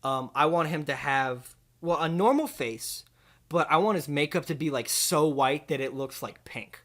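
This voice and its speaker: At a moderate pace, a young man presenting a comedy video rambles through an absurd movie proposal. The delivery is deadpan and heavy on filler words.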